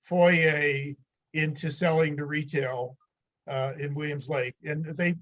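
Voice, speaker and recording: Older man, podcast guest, rambling anecdotes, slightly high voice, muffled lo-fi sound. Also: steady tone, takes it slowly, a bit bright. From United States. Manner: rambling anecdotal storyteller with chuckles. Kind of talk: casual storytelling interview.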